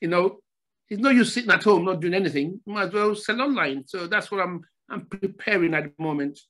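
High, bright-voiced older man telling stories. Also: fairly quick. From Nigeria. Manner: repeats phrases, animated storytelling. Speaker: podcast guest, former footballer. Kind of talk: casual storytelling interview.

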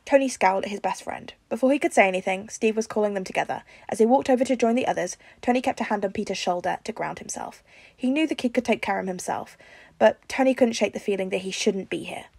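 A woman reads a fan fiction story aloud in an even, storytelling manner. Her voice sits at an ordinary middle pitch. The recording is close and dry, with no room sound. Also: fast talker, creaky, breathy edge, no echo. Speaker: podfic reader.

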